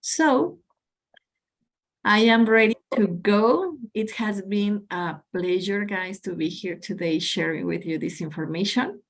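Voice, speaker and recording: A woman's voice: mid-range voice, a little slow. Brief: woman from Mexico, guest teacher on a video call, effusive and encouraging. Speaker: pronunciation teacher and guest speaker. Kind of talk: online presentation and chat.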